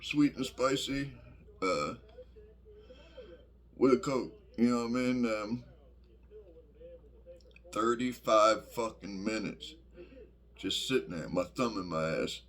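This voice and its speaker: Profane rambling man, low voice. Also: a bit bright. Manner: profane, rambling, many fillers. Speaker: vlogger. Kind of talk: casual rambling monologue.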